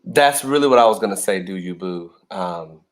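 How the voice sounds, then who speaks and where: A man's voice: low-pitched, expressive, moderate pace. Guy cohosting a podcast, chatty, reads comments out, laughs a lot. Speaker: co-host. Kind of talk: casual podcast chat.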